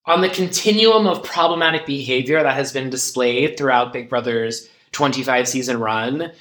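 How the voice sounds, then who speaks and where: Man, podcast co-host, bright forceful voice, chatty with fillers, echoey room. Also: medium pitch. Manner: chatty, quick asides with fillers. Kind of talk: casual recap chat. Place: recorded in person in a room. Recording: echoey room, dodgy audio.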